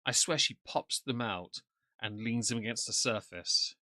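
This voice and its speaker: A man's voice: mid-range voice, a little slow, bright, forceful tone, dry recording. A man commenting sarcastically on a livestream from off camera. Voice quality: dry, mocking. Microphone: desk mic, off camera.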